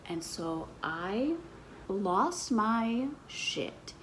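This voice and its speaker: A woman's voice: fairly high pitch, expressive, slow, slight background noise, low-quality recording. A woman in her twenties telling a personal story in a casual vlog, blunt and swearing freely. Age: 20s. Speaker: vlogger.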